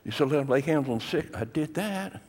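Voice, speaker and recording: An older male pastor preaching a sermon, telling stories dramatically and swinging between hushed and raised delivery. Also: on the high side, lively intonation, a little fast, a little hiss or hum. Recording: long hall reverb.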